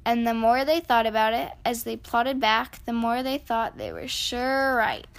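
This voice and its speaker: A woman reading a children's picture book aloud in an expressive storytelling voice. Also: on the high side, slight background noise. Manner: slow, expressive read-aloud.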